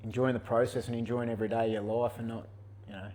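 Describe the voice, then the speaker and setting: An Australian man co-hosting a podcast in casual chat, relaxed and easygoing. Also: mid-range voice, quick pace, poor audio. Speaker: podcast co-host.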